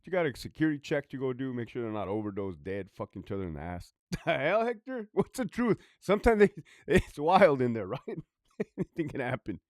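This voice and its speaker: A man's voice: mid-range voice, sing-song, fairly quick, darkish tone, no echo, studio quality. A man who is a former prison guard, ranting profanely in a casual vlog, rambling and often laughing.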